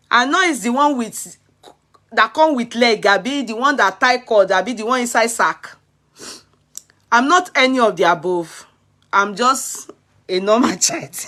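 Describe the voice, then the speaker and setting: Animated Nigerian woman telling a story. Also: fairly high pitch. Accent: Nigerian, Yoruba. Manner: animated, laughing, acting out childhood crying. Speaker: vlogger. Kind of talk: comic storytelling in Nigerian Pidgin.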